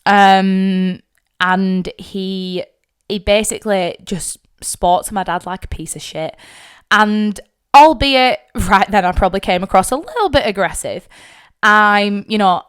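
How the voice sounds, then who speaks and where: A woman's voice: medium pitch, measured pace, smooth. A young woman, hosting a podcast, telling a personal story bluntly and with frequent swearing, tearful at times. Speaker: podcast host.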